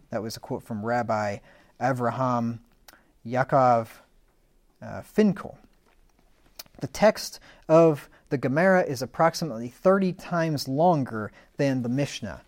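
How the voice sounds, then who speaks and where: A man's voice: medium pitch, expressive, unhurried. Man teaching, reading scripture with emphasis. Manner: reads scripture aloud with rising emphasis, plain asides between. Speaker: Bible teacher.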